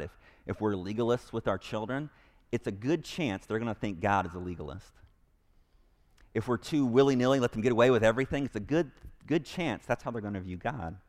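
A man preaching a sermon in a church to a live congregation, earnest and emphatic, repeating key phrases with frequent restarts. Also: on the low side. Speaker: pastor.

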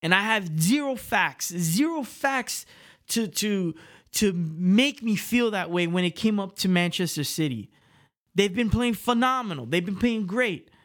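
A man's voice: high-pitched, animated, a little slow, a bit bright. A man hosting his podcast alone, hyped and emotional, swearing freely as he rants. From Miami, Florida. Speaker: podcast host. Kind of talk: excited solo podcast monologue. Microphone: video call. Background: hip hop music.

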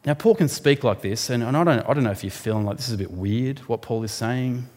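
A man's voice: medium pitch, quick pace. Man preaching in a reverberant hall. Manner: animated preaching, rising sharply for emphasis. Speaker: pastor. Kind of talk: sermon.

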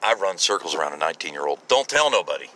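A blunt man in his forties rambles through a solo podcast monologue, swearing freely and restarting his sentences. His voice is very bright and forceful, with a hard, sharp edge. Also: low-pitched, sing-song, fast, low-quality recording. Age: 40s. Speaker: podcast host.

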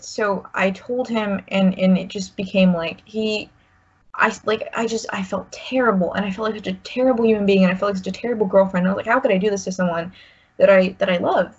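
Husky young woman, rambling confessional talk. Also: medium pitch. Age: 20s. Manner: rambling, full of "like" and restarts. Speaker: guest sharing a personal story. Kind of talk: candid personal storytelling. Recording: slightly muffled recording.

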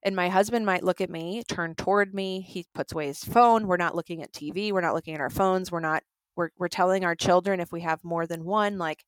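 A woman's voice: fairly low pitch, dry recording. Dry, close woman explaining relationships. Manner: animated, acts out quoted lines. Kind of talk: conversational explaining.

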